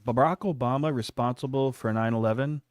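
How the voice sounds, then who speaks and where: A man co-hosting a call-in radio show, chiming in with wry, deadpan asides. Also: medium pitch, fairly quick, clear, resonant tone, no echo, studio quality. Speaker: radio co-host.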